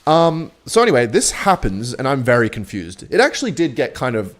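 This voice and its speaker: A man's voice: medium pitch, big pitch swings, brisk. A young man streaming a game and telling a story in a laid-back, rambling way, swearing freely. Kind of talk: casual storytelling while gaming.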